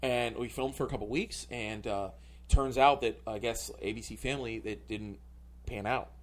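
A man's voice: mid-range voice, steady tone, moderate pace. A male comedian telling a story on a podcast, rambling and full of filler words. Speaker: comedian guest.

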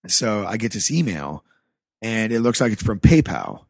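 A man's voice: lowish voice, moderate pace, creaky, no room sound, studio quality. A man guest on a podcast, casually telling a story from his life with lots of swearing and acted-out dialogue, from the American Rust Belt. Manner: animated, swears freely, acts out dialogue.

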